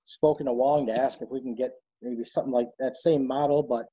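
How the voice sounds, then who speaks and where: A guest on a podcast, this man speaks in a mellow, husky voice and takes his time with his stories. The sound is dull and lo-fi, and the room around him is dry. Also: medium pitch, steady tone, brisk, no room sound. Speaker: podcast guest, knife designer. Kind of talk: casual podcast chat.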